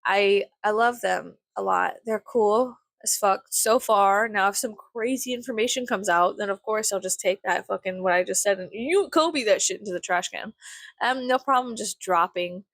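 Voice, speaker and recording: A woman's voice: medium pitch, moderate pace, vocal fry, a bit bright, dry recording, clean studio sound. A young woman rambling casually to camera, swearing freely and acting out her own thoughts with self-mocking humor. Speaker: vlogger.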